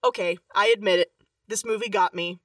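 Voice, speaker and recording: A woman's voice: mid-range voice, fairly even intonation, brisk, a bit bright, no room sound, distant mic. A woman co-hosting a podcast, recapping a film in casual chat with gushing asides and laughter. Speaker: podcast co-host.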